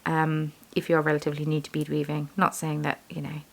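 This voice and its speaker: In a low, monotone voice with vocal fry, a young woman talks a little fast as she works on bead weaving. She vlogs, dyes yarn, and owns a shop, and her casual chatter wanders while she teases herself.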